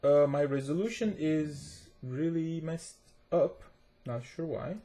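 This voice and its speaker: A man's voice: fairly high pitch, slow pace, mellow. A man with a self-described accent giving chatty, rambling commentary to his viewers while he plays and tests a game. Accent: non-native accent, self-described. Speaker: gaming tech reviewer. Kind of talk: casual gameplay commentary.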